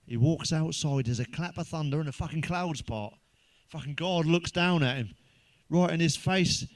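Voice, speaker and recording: His voice is fairly high and his pace moderate: a middle-aged man doing stand-up. He rambles through blunt jokes laced with swearing and chuckles at his own punchlines.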